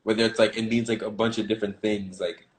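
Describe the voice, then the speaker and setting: A man's voice: fairly low pitch, little pitch movement, a little fast, slight background noise, poor audio. Laid-back young man from the American South. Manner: laid-back, playful, lots of "like". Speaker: guest actor. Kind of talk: casual live-stream chat.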